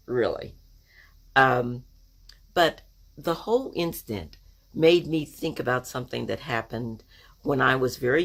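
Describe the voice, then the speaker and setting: A woman in her sixties from Oklahoma telling a childhood story in a conversational, reflective way, full of asides. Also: a bass voice. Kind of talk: personal storytelling to camera.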